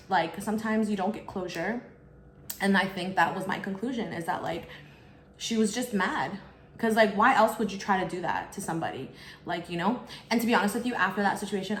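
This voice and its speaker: A woman chats through a personal storytime at home, talking loosely with plenty of fillers. Her voice sits at an ordinary middle pitch. The room around her rings with a noticeable echo and a faint hum of ambient noise. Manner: chatty, filler-heavy, expressive. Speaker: vlogger. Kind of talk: storytime while eating. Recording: echoey room.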